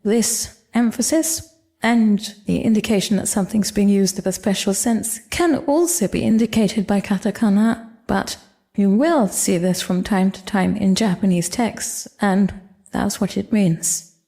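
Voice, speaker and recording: A woman teaching a language lesson, explaining step by step in a clear, measured way. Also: medium pitch, dark tone.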